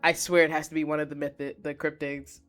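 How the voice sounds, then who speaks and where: A woman streamer reading a story game aloud live, excitable, swearing and reacting loudly between passages. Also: sits low, fast talker, soft background music. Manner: excitable, swears, squeals at cute moments.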